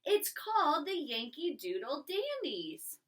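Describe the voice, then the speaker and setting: Give me a teacher putting on an excited, kindly older woman from a storybook, bright and emphatic. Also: high voice, pitched above the performer's own voice, heavily acted. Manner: exclamatory, slow and emphatic. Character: cheerful older woman neighbor, warm and excited.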